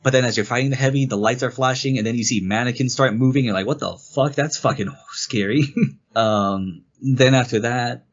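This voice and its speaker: A man's voice: medium pitch, brisk, dull audio. A man co-hosting a casual game review podcast, rambling through the story and acting out quoted lines. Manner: rambling, animated retelling with quoted character lines. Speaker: podcast co-host.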